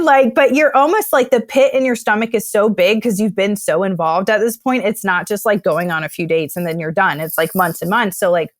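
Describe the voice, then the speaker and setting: A young woman telling her own story in casual chat, animated, often acting out what she said back then. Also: mid-range voice, a little fast, few pauses, no room sound, studio quality. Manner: animated, acts out her own past words.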